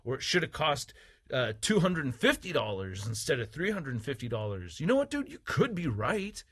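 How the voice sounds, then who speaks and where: A man's voice: mid-range voice, wildly swooping pitch, normal speed, a bit bright, breathy edge. A man reviewing toys in a heated, profane opinion rant with sarcastic jabs. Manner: mocking, sarcastic asides. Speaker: toy reviewer. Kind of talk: ranting opinion vlog.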